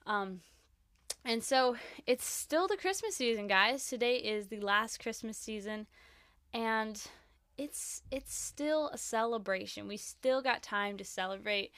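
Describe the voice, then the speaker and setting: A woman's voice: a little high, unhurried, fairly bright tone, no room sound, studio quality. A young woman hosting a casual faith podcast, talking in a bubbly, effusive way with plenty of "like"s and gushing praise. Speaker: podcast host.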